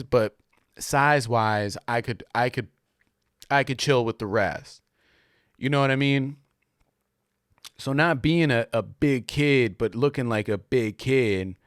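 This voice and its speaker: A man's voice: medium pitch, smooth, dry recording, clean studio sound. A young adult man hosting a casual solo podcast monologue, rambling and slangy, full of fillers as he tells a story. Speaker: podcast host.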